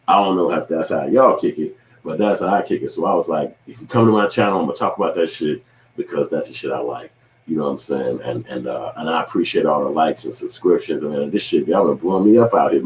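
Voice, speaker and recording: A man hosting his own channel, talking in a profane, animated commentary monologue and slipping into quoted voices as he tells stories. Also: sits low, reverberant, poor audio. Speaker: channel host.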